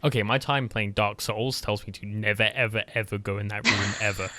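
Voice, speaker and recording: Man, slightly low voice, dry close sound, joking tabletop player. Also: flat delivery, a little fast, bright, forceful tone, no room sound. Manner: playful, joking, often trails off and restarts. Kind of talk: casual tabletop game chat.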